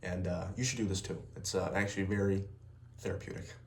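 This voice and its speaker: A man's voice: low-pitched, fairly even intonation, quick pace, a little mellow, roomy sound, slight background noise. A young man ranting bluntly to camera, swearing heavily and stressing his words. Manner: blunt, heavy swearing, emphatic. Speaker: vlogger, salesman. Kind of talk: unscripted personal rant to camera.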